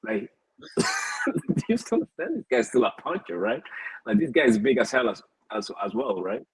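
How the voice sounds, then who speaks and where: Man, boxing podcast co-host, casual profane chat, lively pitch, husky. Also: normal speed, no room sound, poor audio. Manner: animated, profane, laughs often.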